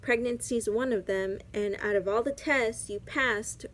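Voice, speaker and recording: A young woman voicing a calm female doctor in a matter-of-fact way while retelling a story. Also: on the high side, moderate pace, lightly acted.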